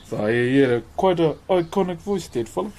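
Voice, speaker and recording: A man's voice: a little high, animated, moderate pace, warm tone. A young man with a New Zealand accent, chatting casually on a live stream while he carves wood, laid-back and laughing often. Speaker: streamer and woodcarver.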